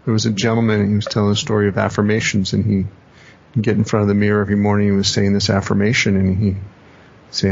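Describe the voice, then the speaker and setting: This coach and teacher, a man, talks fast in a lowish, level-toned voice with vocal fry, a little mellow and husky. In a reflective podcast conversation he explains ideas, often rephrasing and repeating himself and acting out quoted phrases, captured in dull lo-fi audio.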